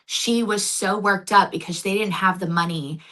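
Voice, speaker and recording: A woman's voice: medium pitch, steady tone, normal speed, a bit bright, rough recording. A woman running for local office, talking earnestly in a casual interview and telling stories. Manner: earnest, storytelling. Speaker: county commission candidate.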